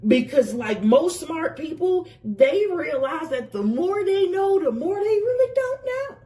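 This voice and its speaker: A woman's voice: very high-pitched, sing-song, a little slow, mellow, far from the mic. A woman giving a casual tarot reading, emphatic and effusive, swearing freely and calling the listener pet names. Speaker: tarot reader.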